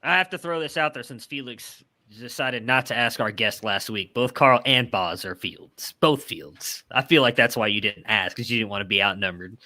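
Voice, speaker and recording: A man's voice: mid-range voice, normal speed, few pauses, bright, forceful tone. A man co-hosting a sports podcast, chatting in a playful, joking way. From Texas. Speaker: podcast co-host. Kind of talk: casual podcast chat.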